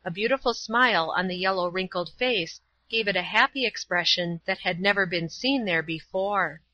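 A woman reading a novel chapter aloud in an even, measured narration. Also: mid-range voice, dull audio. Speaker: audiobook reader. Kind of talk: scripted narration.

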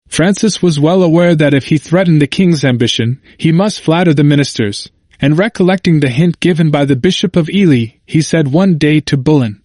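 Man narrating in a measured, even voice. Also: on the high side, no echo. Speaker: audiobook narrator. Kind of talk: scripted historical narration.

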